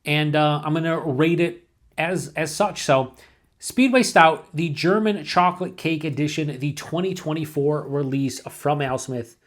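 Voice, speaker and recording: A man's voice: a little high, a little slow. Casual man reviewing a beer aloud. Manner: thinking aloud, rambling with restarts and asides.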